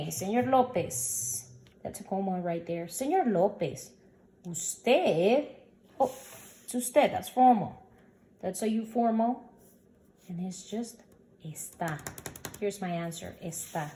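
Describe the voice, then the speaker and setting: Woman Spanish teacher, unhurried recorded lesson, patient, spells out each example word. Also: mid-range voice, mellow, slight background noise. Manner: slow, patient explaining, sounding out example words.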